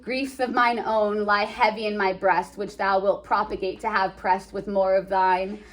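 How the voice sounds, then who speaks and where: A woman's voice: mid-range voice, level tone, moderate pace, close to an everyday voice. A woman voicing a lovesick, melodramatic young man who whines and sighs over his heartbreak, in a classroom. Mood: moping. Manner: whiny, sighing, overwrought.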